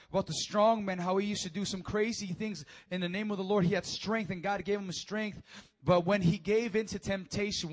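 A man preaching a sermon, telling stories with animated energy and stammered repeats. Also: high voice.

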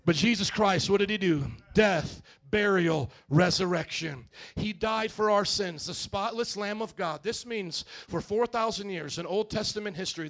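High-voiced preaching man, call-and-response. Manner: call-and-response, rising to shouts. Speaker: pastor. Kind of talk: sermon.

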